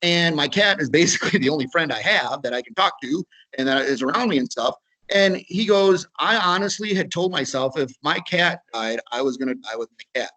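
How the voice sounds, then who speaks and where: A man with a slightly high voice and an Upper Midwest American accent tells a story for a webinar. His talk is casual and full of restarts. He acts out both sides of each conversation. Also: expressive, moderate pace, bright, forceful tone, rough recording. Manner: casual, repeats words, acts out dialogue. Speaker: webinar speaker. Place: video webinar.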